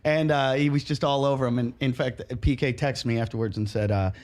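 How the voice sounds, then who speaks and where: A man from the United States, co-hosting a podcast and telling stories in a casual, animated way, acting out the other people's lines. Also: medium pitch, a little fast. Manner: animated, acts out quotes, laughs often. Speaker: podcast co-host. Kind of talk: casual storytelling chat.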